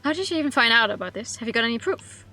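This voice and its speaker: A blunt, skeptical young man from a mystery game, read aloud by a woman. He speaks casually and bluntly, in a fairly high voice with faint music underneath. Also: lively intonation, rapid-fire, pushed and bright. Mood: doubtful.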